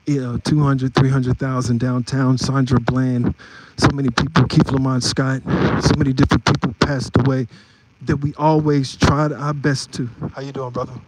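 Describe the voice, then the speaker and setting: A man livestreaming to his viewers from a city street, phone held up as he walks. He rambles from one thought to the next in a loose, casual way, and street noise with passing traffic is clearly heard behind him. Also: medium pitch, little pitch movement, moderate pace, poor audio. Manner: rambling, talks to viewers while walking.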